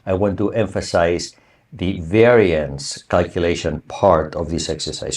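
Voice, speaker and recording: Deep-voiced man giving a university lecture. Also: steady tone, unhurried, a little mellow. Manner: conversational, asks the class for confirmation. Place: online or recorded lecture.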